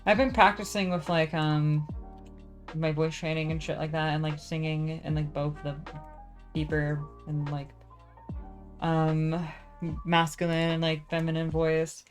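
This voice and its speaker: A woman's voice: sits low, flat delivery, unhurried, faint music behind. A young woman chatting casually on her vlog, rambling, self-deprecating and swearing freely with lots of fillers. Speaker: vlogger.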